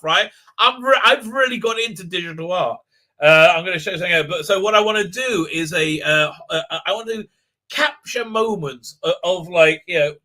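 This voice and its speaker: A man's voice: sits high, pushed and bright. A middle-aged man chatting on a live stream, telling a story with many fillers and repeats. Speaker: livestream host. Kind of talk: rambling live-stream chat.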